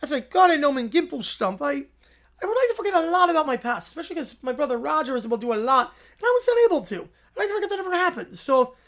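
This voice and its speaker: A man voicing an excitable, rambling cartoon mad scientist. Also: very high voice, fast, full character voice. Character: rambling, nerdy middle-aged male cartoon mad scientist.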